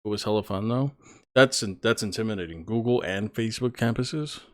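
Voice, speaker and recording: A man's voice: on the low side, a little fast. A male streamer giving casual live-stream commentary, chatty and swearing as he reacts to viewers.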